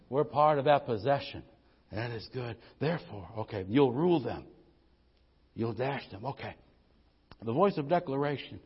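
A man preaching a sermon, swinging between loud, drawn-out proclamations and quick conversational asides to the congregation. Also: fairly high pitch, slightly rough, long reverb tail, lo-fi sound. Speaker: pastor.

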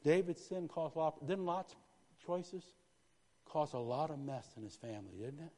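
A man preaching a sermon in a church, lively, with frequent asides to the congregation. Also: on the high side, moderate pace. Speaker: pastor. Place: church sanctuary. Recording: long hall reverb.

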